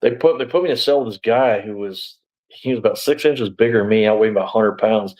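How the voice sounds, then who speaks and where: A middle-aged former sheriff's deputy tells his story as an interview guest, blunt and rambling, full of "you know" and restarts. His voice is lowish and darkish, he talks fast, and the audio quality is poor.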